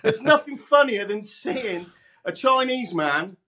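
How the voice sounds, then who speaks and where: This Leeds man has a high, animated voice, pushed and bright, and speaks slowly. A radio presenter by trade, he's a chatty guest in a relaxed interview, laughing often and calling the host mate.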